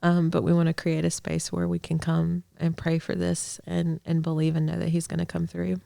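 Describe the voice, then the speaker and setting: A young adult woman sharing a heartfelt faith testimony as a guest in a conversation, earnest, with soft laughs and restarts. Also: lowish voice, monotone, moderate pace, creaky, no echo, studio quality. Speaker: podcast guest, ministry director.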